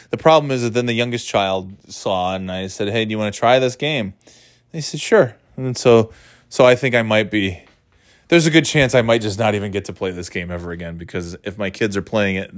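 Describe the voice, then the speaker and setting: A man casually rambling about video games as a dad, cussing freely and breaking into loud mock quotes. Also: lowish voice, no echo, clean studio sound.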